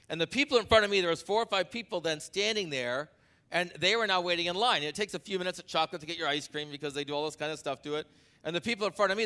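Forceful bright-voiced male pastor preaching. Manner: conversational preaching with an anecdote, building to emphatic peaks then dropping low. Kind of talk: sermon.

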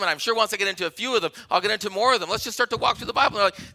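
High, very bright-voiced male pastor preaching. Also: racing, gravelly, hardly any pauses. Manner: emphatic and repetitive, swinging from loud to hushed; retells meetings with quoted dialogue. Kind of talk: sermon.

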